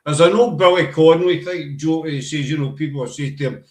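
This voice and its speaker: A man's voice: on the high side, a little fast, echoey room. A Scottish man hosting a show, chatting casually and rambling a little. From Scotland. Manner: chatty, rambling, uses "aye" and "wee". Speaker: podcast host. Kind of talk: casual chat.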